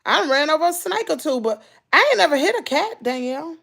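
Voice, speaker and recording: Chatting casually with livestream viewers, a Mississippi woman with a Southern accent tells stories in country slang and responds to comments as she reads them. Her high voice carries a gravelly fry, and she talks fast. Her storytelling is animated and punctuated by loud laughter.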